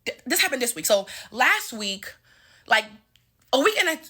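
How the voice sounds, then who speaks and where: A woman's voice: sits high, very animated, moderate pace, bright, forceful tone, slightly rough. A woman in her twenties telling a heated, profane story-time rant at home, stuttering as she talks. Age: 20s. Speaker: vlogger. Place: home bathroom, indoors.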